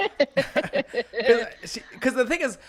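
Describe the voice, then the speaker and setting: Joking, lively-voiced man co-host. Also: very high-pitched, drawn-out words. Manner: joking, profane, teasing. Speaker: podcast co-host. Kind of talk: casual podcast chat.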